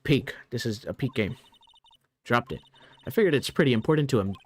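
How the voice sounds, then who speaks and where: A man's voice: mid-range voice, expressive, a little fast. Rambling young male streamer. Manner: rambling, slangy, restarts often. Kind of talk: casual gameplay commentary.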